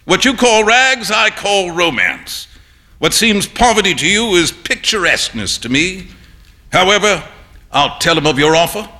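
A man reading an audiobook, voicing an amused, worldly young male painter with breezy, teasing, drawn-out emphasis. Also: high-pitched, very animated, bright, forceful tone, exaggerated voice. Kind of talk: audiobook narration.

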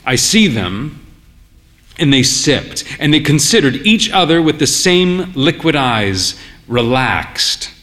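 Guy reading a story out slow and wry, bit tired sounding, lots of rise and fall, slightly higher voice. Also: expressive, a bit bright. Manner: wry, weary, measured. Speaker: narrator. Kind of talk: literary story narration.

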